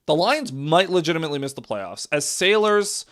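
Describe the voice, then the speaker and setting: A man gives live play-by-play reaction to a football game. His voice is bright and lively, and it swings widely in pitch. He sounds exasperated with his team. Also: normal speed. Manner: exasperated, frequently shouts and laughs in disbelief.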